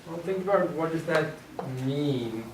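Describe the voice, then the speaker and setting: Slow-talking male teacher in echoey room. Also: a little high, lively intonation. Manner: thinks aloud, poses questions to the class. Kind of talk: classroom lecture. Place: classroom. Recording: echoey room, distant mic, clear background noise.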